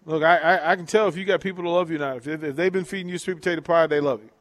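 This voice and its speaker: A man's voice: a little high, fairly even intonation, very fast, fairly bright tone, dry recording. Chatty male sports radio host. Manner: chatty, repeats words and restarts, reads listener texts. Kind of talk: casual call-in sports talk.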